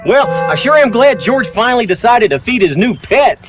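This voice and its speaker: A man's voice: very high-pitched, sing-song, moderate pace, music in the background. A man voicing an eager, hungry pet wheedling its owner, from a lo-fi 1980s TV broadcast.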